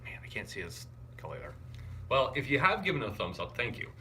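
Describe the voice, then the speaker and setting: A young man chatting casually on a live stream. He greets viewers and reads their comments out loud, and he sounds wired and tired. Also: medium pitch, sing-song, a little fast. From Canada. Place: hotel room.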